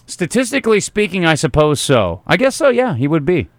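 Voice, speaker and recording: A man's voice: on the high side, sing-song, a little fast, dry recording. A man hosting sports talk radio, sarcastic and teasing, who also reads the sponsor ads live.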